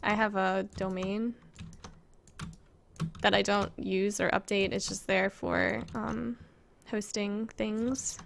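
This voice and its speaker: A woman's voice: medium pitch, level tone, takes it slowly, gravelly, pauses often, a little hiss or hum. A woman casually chatting on a live stream as she shows her game-making work, giggling and rambling as she reads viewer questions aloud.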